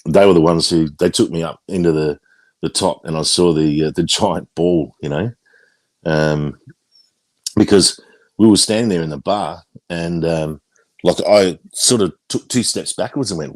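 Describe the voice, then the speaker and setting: A man's voice: low voice, a little slow, no room sound. A man in casual chat, telling a rambling story with frequent fillers and casual swearing.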